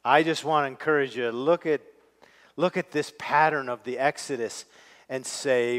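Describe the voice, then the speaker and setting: A man's voice: mid-range voice, expressive, measured pace, a bit bright. A man, preaching a sermon to his congregation and putting questions to them. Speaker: pastor. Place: church sanctuary. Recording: long reverb of a large hall.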